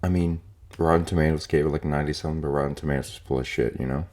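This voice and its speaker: A man's voice: very deep voice, steady tone, very fast, darkish tone. A young man hosting a casual solo podcast, ranting in an opinionated, profane, rambling way with lots of fillers. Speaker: podcast host.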